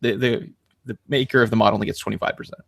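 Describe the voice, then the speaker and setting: A man's voice: on the low side, fast talker, gravelly, no echo. Rambling male podcast host, dry sound. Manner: rambling, lots of fillers and restarts; animated storyteller, laughs while talking. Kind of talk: casual chat.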